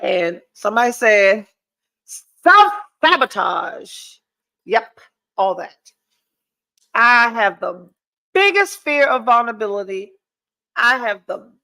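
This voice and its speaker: A woman talks to her audience in a slightly high voice. She is blunt and profane and tells her story with lively energy. Her nose sounds stuffy. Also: a little slow, low-quality recording. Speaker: podcast host. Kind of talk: candid solo livestream chat.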